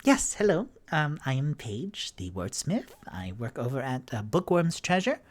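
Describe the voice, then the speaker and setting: A man's voice: mid-range voice, big pitch swings, a little slow. A man voicing a polite, shy young woman wordsmith in a tabletop game.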